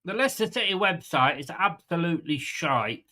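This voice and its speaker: High, bright-voiced sweary football fan. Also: male voice, lively intonation, moderate pace. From England. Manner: blunt, sweary, sarcastic and exasperated, talking back to chat. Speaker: fan channel watchalong host. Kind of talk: live match watchalong commentary.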